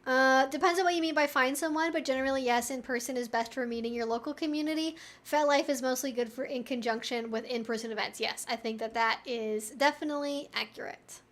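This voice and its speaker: A woman's voice: high voice, fairly quick, few pauses, a bit bright. A young woman hosting a casual live-stream Q&A at home, chatty and candid, with lots of "like" in her speech. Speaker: live-stream host answering viewer questions.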